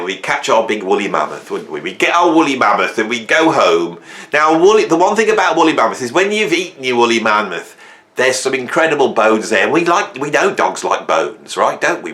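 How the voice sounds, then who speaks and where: A man's voice: mid-range voice, bright, forceful tone, reverberant. A man chatting casually to camera, rambling and playful, with jokey asides. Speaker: music video host.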